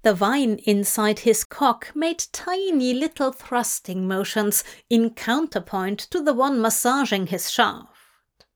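A woman reads a story aloud in scripted narration, slow and measured. Her voice sits somewhat high for a woman, and she never rushes. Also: animated. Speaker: audiobook reader.

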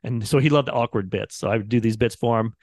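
A man's voice: medium pitch, fast, darkish tone, dry recording, studio quality. A man, a radio producer chatting casually on a podcast and acting out quotes from the people in his stories. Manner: rambling storyteller, acts out quotes.

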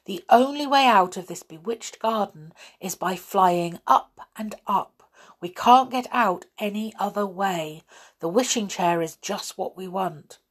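A woman reading aloud puts on a mischievous little male pixie from a storybook, chatty and quick to swing from gloom to glee. The voice is slightly raised, unhurried and a touch husky. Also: medium pitch. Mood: eager.

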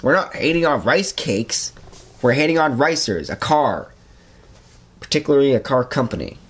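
Young man, podcast host, rambling storyteller, casual chat, mid pitch. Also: unhurried. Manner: rambling, animated storytelling with many fillers.

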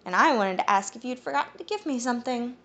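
A woman's voice: fairly high pitch, animated, quick pace, a bit bright, pitched above the performer's own voice. A woman voicing a composed, disapproving young woman in an audiobook. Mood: curt.

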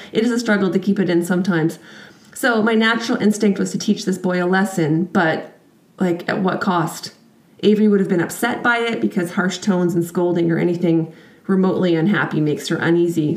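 A chatty woman tells a personal story in a frank, self-deprecating way. Her voice sits a little low. The recording carries a roomy echo. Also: a little mellow. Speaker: podcast host and mother.

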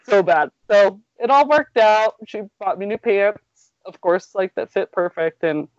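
A woman's voice: medium pitch, lively intonation, measured pace, dry recording. Chatty woman on a dull, dry recording. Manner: chatty, laughs through her words, lots of "like". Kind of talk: casual storytelling chat.

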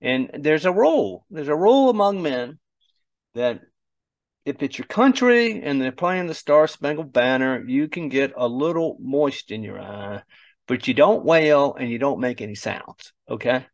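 A man's voice: mid-range voice, lively intonation, unhurried, dry recording, dull audio. A man hosting an opinionated commentary show, blunt, mocking and profane. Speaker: show host.

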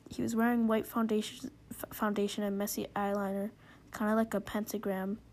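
A woman's voice: mid-range voice, flat delivery, a little fast, darkish tone. A young woman reading fan fiction aloud with giggly, dramatic line readings. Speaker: reader.

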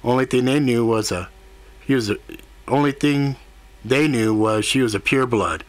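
A brash, crude male demon with a cocky, flirtatious swagger, voiced by a man. The pitch sits at a middling level for a man. This is a storybook character read in a plain speaking voice. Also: moderate pace, no room sound, close to an everyday voice. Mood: probing.

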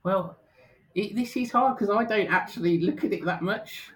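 A middle-aged man speaking as an interview guest, relaxed and casual, with many hesitant ums. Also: sits high, normal speed, rough recording. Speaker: guest, financial planner.

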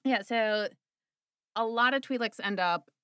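A woman's voice: a little high, a little slow, a bit bright, clear, resonant tone, no room sound, clean studio sound. A woman from the American Midwest with a Minnesotan accent, co-hosting a casual podcast chat, chatty with many fillers and restarts. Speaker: podcast co-host.

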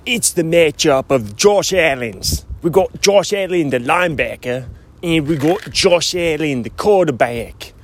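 Goofy, lively man hosting a podcast. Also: on the high side, measured pace. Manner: goofy, jokey, drifts into a mock British voice. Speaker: podcast host. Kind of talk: casual solo sports podcast.

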